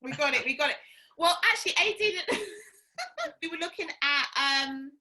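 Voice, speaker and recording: A woman's voice: high voice, lively intonation, normal speed, pushed and bright. A woman hosting a casual comedy chat game, playful and giggly. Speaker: host running a chat game.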